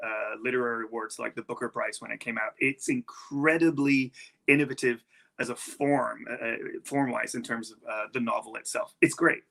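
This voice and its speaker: A man's voice: medium pitch, vocal fry, sharp tone. A male science writer speaking as a guest, enthusiastic and searching for words with many fillers. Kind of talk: conversational panel discussion.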